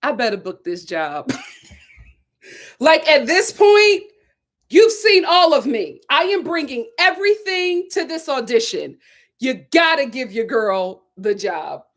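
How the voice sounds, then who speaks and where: Young woman streamer with a high voice; animated, dramatic storyteller with lots of laughing. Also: slow pace. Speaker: host of a live reality-show review channel. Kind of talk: casual storytelling to a live chat.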